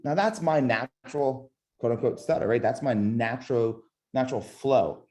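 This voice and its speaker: Mellow-voiced sales coach teaching tonality. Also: male voice, medium pitch, normal speed, hardly any pauses. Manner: lively, demonstrates vocal tonality, asks audience questions. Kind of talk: webinar instruction with demo calls.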